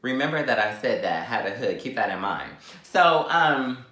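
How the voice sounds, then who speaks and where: A man's voice: big pitch swings, normal speed, roomy sound, background noise. A man vlogger telling a dramatic storytime while eating, acting out every line with big swings in voice. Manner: dramatic, acts out quotes with big pitch jumps.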